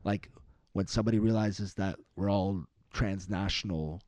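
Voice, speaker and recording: A rather low, mellow male voice, young, rambling freely through casual political talk, swearing often and jumping up in pitch to mock others. The sound is dry and close, with no room around it. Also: steady tone, normal speed, no room sound. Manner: rambling, profane, mimics other people in raised voices. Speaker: podcast co-host.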